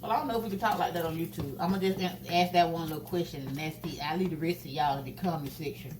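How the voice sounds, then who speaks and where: A young woman in braces chatting casually to her viewers while she cooks at home, talking straight to them with drawn-out asides. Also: sits low, steady tone, noisy background. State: wearing new braces, teeth clanging. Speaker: vlogger. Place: home kitchen. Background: food sizzling in a pan.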